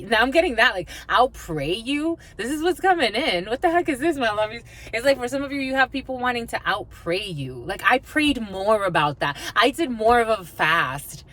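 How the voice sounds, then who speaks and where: A woman's voice: lowish voice, a bit bright. A woman giving a casual tarot reading, chatty and blunt, swearing freely and laughing as she talks. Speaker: tarot reader.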